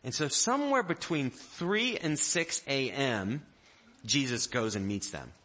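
Male pastor, bright tone, lively storytelling sermon, conversational. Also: mid-range voice, measured pace. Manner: animated, acts out the disciples' panic in quoted voices; conversational, with restarts and small jokes.

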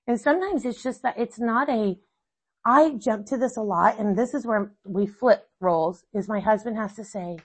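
A woman in her thirties, a mother talking in an animated, casual way about parenting. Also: fairly high pitch, moderate pace, husky. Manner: animated, acts out quoted family dialogue. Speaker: mother and guest. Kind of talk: casual conversation.

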